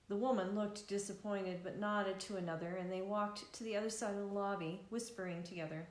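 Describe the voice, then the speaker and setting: A woman author reads her novel aloud, easygoing and unhurried, her middle-pitched voice ringing in an echoey room. She stumbles and restarts a word now and then, keeping it relaxed. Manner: easygoing reading with small restarts. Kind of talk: live reading of a novel.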